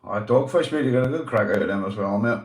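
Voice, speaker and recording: A man's voice: fairly low pitch, animated, fast talker. Chatty Northern Irish man, echoey room. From Northern Ireland. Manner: loose and chatty, swearing, calls viewers "mate". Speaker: livestream host. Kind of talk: casual livestream chat reading comments.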